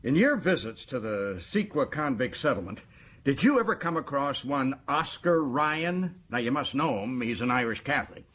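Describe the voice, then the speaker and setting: An actor playing a boastful, folksy prison governor in a radio drama, with a husky voice and a gloating drawl. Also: male voice, medium pitch, very animated, normal speed, fairly bright tone. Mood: insistent. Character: boastful middle-aged American prison governor. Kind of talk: 1980s radio drama acting.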